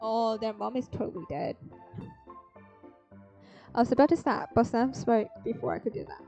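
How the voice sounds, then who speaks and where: A young woman streamer reads a visual novel's text aloud, cutting in with blunt, swearing asides. Her voice sits on the high side, expressive and dark in tone, at a moderate pace. The stream audio is slightly dull, with faint music underneath.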